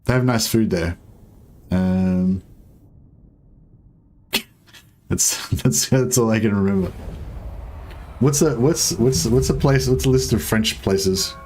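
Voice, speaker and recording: Rambling low-voiced man streaming a game. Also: takes it slowly, pauses often, a little mellow, slight background noise. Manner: rambling, joking, chats with viewers, mild swearing. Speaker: gaming streamer. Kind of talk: casual let's-play commentary.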